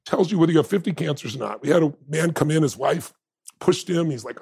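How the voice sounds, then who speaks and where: A man with a heavily gravelly, rough-edged voice talks as a guest in a conversation. He tells stories with open emotion and firm emphasis, leaning hard into the moments that matter to him. His voice has a husky, breathy edge throughout. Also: on the high side, fast talker, a little mellow. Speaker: interview guest. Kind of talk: heartfelt conversational storytelling.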